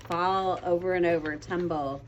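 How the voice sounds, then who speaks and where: A woman's voice: fairly low pitch, steady tone, normal speed, lo-fi sound, slight background noise. A young woman teaching a class of children, patient and encouraging, calling on pupils by name. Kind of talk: classroom vocabulary lesson.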